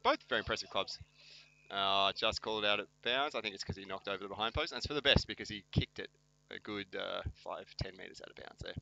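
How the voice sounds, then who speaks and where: A man's voice: on the low side, quick pace, creaky, hardly any pauses, sharp tone, muffled recording. A man giving joking amateur commentary at a local football match, wry, self-mocking and teasing his co-host.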